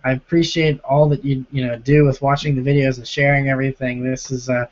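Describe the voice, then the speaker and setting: Young male streamer, hoarse and sore-throated, chatty Q&A host, dull lo-fi stream audio. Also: medium pitch, level tone, a little fast. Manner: chatty, reads viewer comments aloud and answers them. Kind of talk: casual live-stream Q&A.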